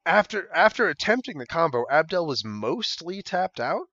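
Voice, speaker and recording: A man co-hosting a casual podcast, telling stories in a lively way with lots of fillers and laughter. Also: a little high, moderate pace, no room sound, lo-fi sound. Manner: animated storyteller, many fillers and laughs. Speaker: podcast co-host.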